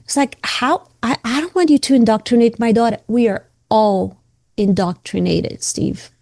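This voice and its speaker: A woman co-hosting a conversational podcast, speaking in an earnest, reflective, expressive way. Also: a little high, normal speed, vocal fry, no room sound. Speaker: podcast co-host and coach.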